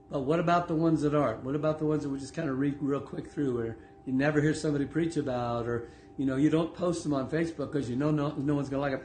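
A man giving a casual online Bible teaching, talking conversationally with many asides and laughs, and slowing down to read scripture aloud. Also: mid-range voice, darkish tone, reverberant, slight background noise. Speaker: preacher.

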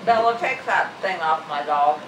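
A woman's voice: deep voice, animated, normal speed. A woman chatting casually in a home video, teasing and blunt in a slangy way. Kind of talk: casual chat. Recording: echoey room, far from mic, noisy.

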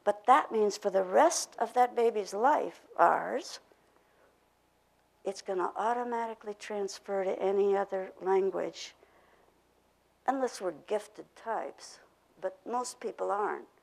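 Gravelly older woman leading a workshop. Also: medium pitch, unhurried, low-quality recording. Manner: explains concepts with spoken drills and repetition. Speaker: pronunciation workshop presenter. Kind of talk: teaching a workshop. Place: workshop room.

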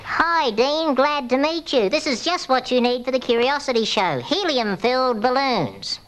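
A man voicing a male fairground balloon seller, speaking with a high squeaky helium voice in a cheery sales greeting. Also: animated, moderate pace, a bit bright, a little hiss or hum. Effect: helium-raised voice.

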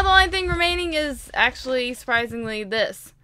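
A woman's voice: fairly high pitch, expressive, a little fast, music in the background. A young woman giving casual, rambling commentary while playing a video game, chatty and giggly. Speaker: gaming YouTuber.

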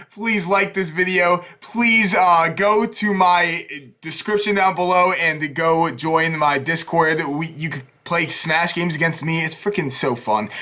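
A young man talking fast as a YouTuber in an excited reaction video. He rambles nervously, swears often and sounds hyped. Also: high-pitched. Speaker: YouTuber reacting to a game trailer.

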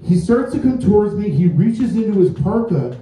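High-pitched and animated, this mellow-voiced comedian talks at normal speed, wandering through self-deprecating stories before a live crowd. The recording sounds distant, in an echoing club.

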